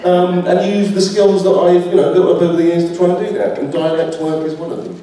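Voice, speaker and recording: A man's voice: sits high, monotone, fast, dark tone, slight background noise. A British man, an actor answering fan questions at a convention panel, chatty and laughing often. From United Kingdom. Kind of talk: live panel Q&A. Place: large convention hall. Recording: echoey hall, mic from far.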